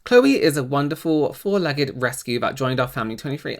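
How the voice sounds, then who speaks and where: A man's voice: mid-range voice, animated, a little fast, few pauses. A man hosting a reaction video, talking in a casual, blunt way and swearing freely.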